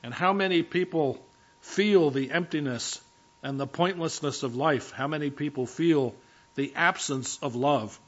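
A man's voice: on the high side, measured pace, lo-fi sound. A man preaching a sermon as pastor, talking conversationally and directly to his congregation in a church.

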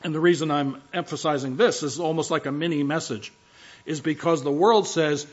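A man's voice: fairly high pitch, brisk, highs cut off. A man preaching a sermon as pastor, emphatic, driving home key phrases by repeating them.

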